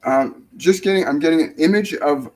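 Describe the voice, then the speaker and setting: A man hosting a live mediumship show, relaying messages gently and hesitantly, with many fillers and restarts. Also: a little high, moderate pace, low-quality recording. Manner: soft, dropping almost to a whisper when relaying tender messages. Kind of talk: casual live mediumship reading.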